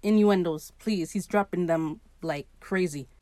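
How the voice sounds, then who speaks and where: A woman's voice: fairly low pitch, unhurried, dark tone, no echo. A woman hosting her own show, giving casual, blunt commentary on a TV episode with sassy, profane asides. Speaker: podcast host reviewing a TV episode.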